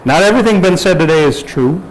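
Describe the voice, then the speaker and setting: A man's voice: high-pitched, fast talker, a little hiss or hum, rough recording. A man emceeing a retirement roast, calling up speakers and telling old stories. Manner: relaxed, calls up speakers by name. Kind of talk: emcee introductions.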